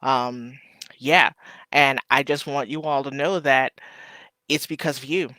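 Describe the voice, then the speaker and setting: Bright, heartfelt livestream host. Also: mid-range voice, fairly even intonation, measured pace, no room sound. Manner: rambling and heartfelt, full of ums and shout-outs. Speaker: small shop owner hosting a live stream. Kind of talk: casual livestream chat to viewers.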